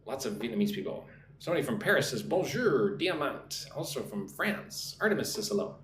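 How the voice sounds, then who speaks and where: Fairly quick and sing-song, a male English teacher leads a live-streamed speaking lesson in a mid-range, slightly bright voice. He reads viewers' messages, models exam responses, and does pronunciation drills, recorded with roomy echo and faint background noise.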